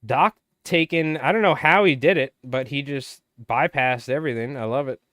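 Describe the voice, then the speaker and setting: A man live-streaming, his voice wearing hoarse, calling a marble race play-by-play like a playful sportscaster. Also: mid-range voice, moderate pace, fairly bright tone, no room sound, studio quality. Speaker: fly tying live streamer.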